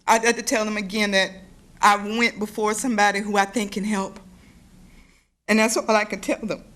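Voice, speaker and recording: Distraught mother, public comment, bright tense voice, near tears. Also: mid-range voice. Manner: emotional, pleading, voice near tears. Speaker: parent speaking at public comment. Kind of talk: public comment at a school board meeting. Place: school board meeting room.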